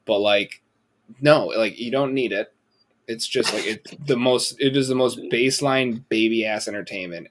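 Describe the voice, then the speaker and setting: A man's voice: fairly low pitch, fairly bright tone. A man co-hosting a casual podcast chat, ranting with heavy swearing and sarcasm. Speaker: podcast co-host.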